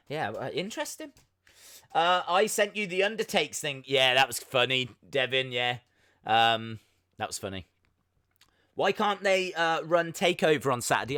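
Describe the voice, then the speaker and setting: A man's voice: a little high, sharp tone. A man hosting a live wrestling reaction stream, chatty and jokey, often laughing and slipping into mock voices. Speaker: livestream host.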